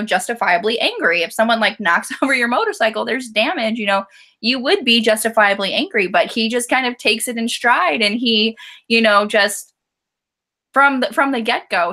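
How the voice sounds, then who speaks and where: A woman's voice: medium pitch, pushed and bright. A woman hosting a casual book club chat on a video call, retelling scenes with lots of laughter.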